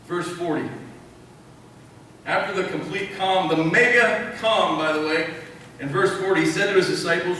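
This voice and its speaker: A man's voice: high voice, steady tone, moderate pace, pauses often, bright, forceful tone, slight background noise. A male pastor preaching a sermon, emphatic and repeating key phrases while asking the congregation questions. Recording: echoey hall from far off.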